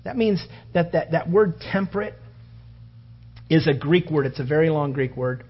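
A man preaching a sermon, acting out the story with loud outbursts and hushed whispers. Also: fairly high pitch, expressive, moderate pace, breathy edge. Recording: dull lo-fi sound.

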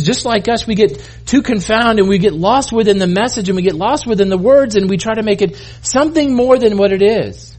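A man's voice: sits high, animated, a little fast, few pauses, darkish tone. A middle-aged man preaching a sermon in a conversational way, often restarting and acting out the people he quotes. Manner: conversational, self-interrupting, acts out quoted voices. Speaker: pastor.

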